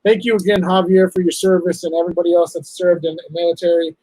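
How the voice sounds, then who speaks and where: Husky emotional man streaming. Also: high voice, flat delivery, warm tone, no echo, rough recording. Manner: emotional, halting, apologetic. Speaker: livestream host. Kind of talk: casual livestream chat.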